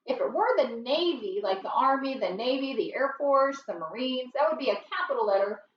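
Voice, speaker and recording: A woman teaching a phonics lesson, sounding out words slowly and patiently for young learners. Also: high voice, lively intonation, roomy sound, far from the mic, highs cut off, a little hiss or hum.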